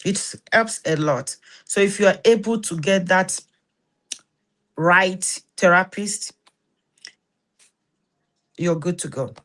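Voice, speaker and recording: A woman with a Nigerian Yoruba accent talks to her listeners in an animated, pastoral way. She slips into Yoruba phrases and swings up into preacher-like emphasis, then settles into prayer. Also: on the low side, slow pace, long pauses. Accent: Nigerian, Yoruba-influenced. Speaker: host and massage therapist. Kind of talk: spoken talk with prayer.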